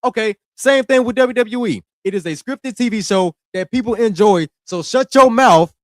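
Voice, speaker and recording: Brief: young male wrestling podcast host, scolding and slangy, fairly high voice, dry close sound. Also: moderate pace, dry recording. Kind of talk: casual ranting commentary.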